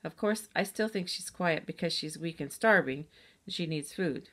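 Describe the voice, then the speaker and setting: A woman's voice: sits low, normal speed, fairly bright tone. A woman reading as Susan, a persistent curious girl. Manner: inquisitive, pushy questions.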